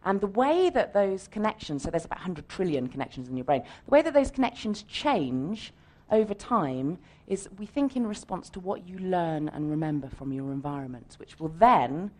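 A woman scientist on a live radio science show, explaining to an audience in a clear, measured way. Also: on the low side, big pitch swings, a little mellow. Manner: explanatory, with light laughs. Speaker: scientist guest.

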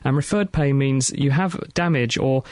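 A man co-hosting a science radio show, reading out listener emails and explaining answers in a brisk, chatty way. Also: mid-range voice, a little mellow, dry recording.

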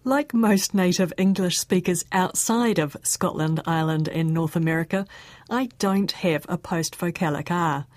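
A woman with a New Zealand accent presents a radio science show, reading her script crisply and clearly. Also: on the low side, normal speed, darkish tone, dry recording. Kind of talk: scripted radio narration and interview. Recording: dry studio sound.

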